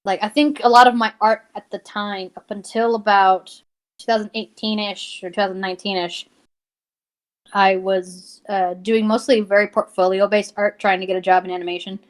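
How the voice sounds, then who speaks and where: A young adult woman talks casually as a podcast guest. She rambles, doubling back and leaning on fillers. Her voice sits at an ordinary middle pitch. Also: level tone, moderate pace. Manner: rambling, many fillers and restarts. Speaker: podcast guest, fan artist. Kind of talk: casual interview chat.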